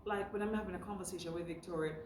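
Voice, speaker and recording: A woman's voice: lowish voice, steady tone, racing, darkish tone, slight background noise. A woman hosting a casual group chat, talking freely and laughing often. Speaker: host. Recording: roomy and distant.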